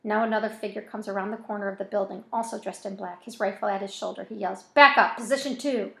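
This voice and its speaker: A woman's voice: mid-range voice, level tone, fast, creaky, echoey room. A woman reading a novel aloud in an informal way, with casual self-correcting asides between chapters. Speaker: reader of a novel.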